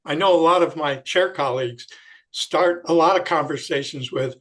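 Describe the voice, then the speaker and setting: Man, interviewer, somewhat high voice, measured, thoughtful questions. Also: fairly bright tone. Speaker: interviewer, host.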